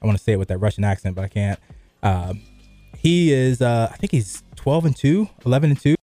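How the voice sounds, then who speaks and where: The sports radio host, a middle-aged man on a studio microphone, sounds expressive and a little fast, with a mellow medium-pitched voice over soft background music. His talk is casual and rambling, packed with fillers.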